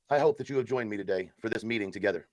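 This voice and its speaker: A man's voice: lowish voice, a little mellow, dry recording, clean studio sound. A man hosting a live stream, delivering a sarcastic, mock-solemn support-group speech and then chatting casually with viewers.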